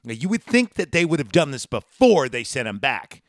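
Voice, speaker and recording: A man's voice: mid-range voice, sing-song, fairly quick, no room sound. Podcast guy rambling thru a movie plot, lots of uhs and likes, dry close mic. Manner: rambling, filler-heavy scene-by-scene recap. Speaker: podcast host. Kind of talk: casual chat retelling a movie.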